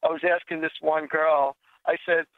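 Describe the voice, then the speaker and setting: A man's voice: fairly high pitch, level tone, moderate pace, dry recording. A man hosting a psychic call-in radio show, chatting casually and telling jokes in a rambling way. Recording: dry phone-like sound.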